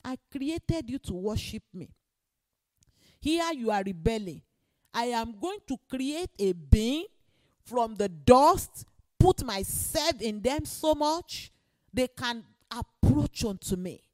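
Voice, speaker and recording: A woman preacher dropping her voice to play God, a fatherly male deity who speaks low and unhurried. He can sound patient and coaxing or stern, and he never rushes. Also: big pitch swings, a little mellow, no echo.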